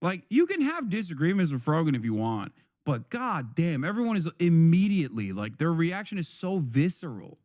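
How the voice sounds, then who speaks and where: A man's voice: fairly high pitch, wildly swooping pitch, moderate pace, a little mellow, no echo, studio quality. A man streaming live, reacting to a video with heated, profane commentary that often repeats and restarts. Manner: angry, profane ranting.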